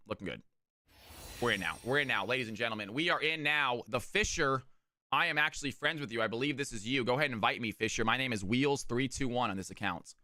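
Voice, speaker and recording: A man casting viewer games live on his stream in an energetic, hyped-up way, recorded at home on a close desk mic. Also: medium pitch, quick pace. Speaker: streamer and caster.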